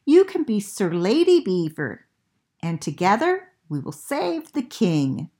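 A woman reading aloud, voicing an eager, untidy young boy turtle from a storybook in a raised childlike pitch. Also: wildly swooping pitch, slow pace, mellow.

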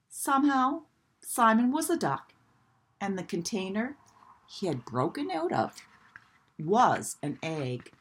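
Slow, expressive woman reading a children's story. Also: medium pitch. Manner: expressive, gentle.

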